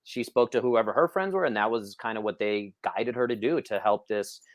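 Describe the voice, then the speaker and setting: A man's voice: lowish voice, a little fast, a crowd in the background. A man hosting an interview podcast, telling personal stories in a casual, rambling way with many fillers. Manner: storytelling, self-deprecating, many fillers. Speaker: podcast host.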